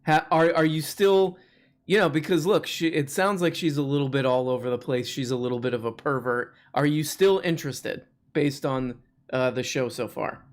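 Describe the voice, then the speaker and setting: A livestream host keeps up a casual, rambling chat. The talk is full of jokes and quick asides, in a voice of middling pitch. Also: steady tone. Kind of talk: casual live-stream chat.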